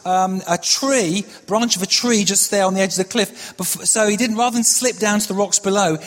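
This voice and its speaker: A man with a notably high speaking voice delivers a sermon as pastor. He talks in an earnest, measured way and repeats key phrases for emphasis. His voice carries a long reverb, as in a church hall. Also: a bit bright. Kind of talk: sermon with prayer.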